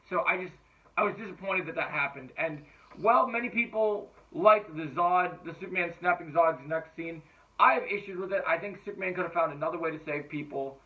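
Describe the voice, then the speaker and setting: A man giving casual, enthusiastic movie-ranking commentary, rambling and swearing freely. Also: high voice. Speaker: movie reviewer. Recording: tinny phone-like sound, distant from mic.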